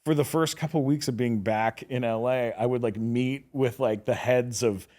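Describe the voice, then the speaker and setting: A middle-aged man tells a story on a podcast in a casual, animated way. His voice sits at an everyday middle pitch, and he laughs often and fills his speech with "like." It sounds like relaxed chat between friends. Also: moderate pace. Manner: animated, laughing, lots of filler "like". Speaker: podcast guest, actor.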